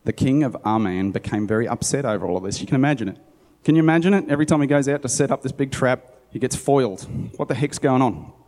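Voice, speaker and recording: A man delivering a sermon, reading scripture and stopping to muse about it in a relaxed, conversational way. His voice is mellow and warm. A long hall reverb trails behind every line. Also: mid-range voice, quick pace. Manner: conversational, musing aside. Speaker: preacher. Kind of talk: sermon, Bible reading with commentary.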